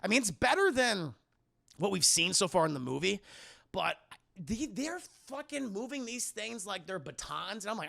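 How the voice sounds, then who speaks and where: A man's voice: high-pitched, very animated, normal speed, creaky, bright, forceful tone. A man streaming a casual spoiler film review, crude, profane and rambling, laughing often.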